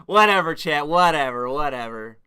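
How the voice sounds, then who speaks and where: A man's voice: on the high side, expressive, pushed and bright, clean tone. A man live-streaming, talking at length and arguing with his chat, swearing freely and combative. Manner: profane, combative, quick to argue with chat.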